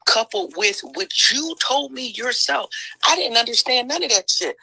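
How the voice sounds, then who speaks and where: A woman's voice: a little high, expressive, normal speed, gravelly, pushed and bright, soft background music, low-quality recording. A woman hosting a livestream, talking in heated commentary with lots of swearing, sighs and "mm-mm"s. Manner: profane, exclaiming, lots of sighs and mm-mm.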